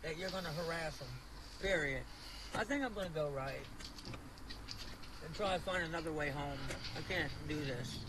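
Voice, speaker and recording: A man's voice: a little high, normal speed, long pauses. Defensive man livestreaming from a noisy car. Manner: defensive and aggrieved. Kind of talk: casual livestream talk. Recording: car livestream with loud road noise.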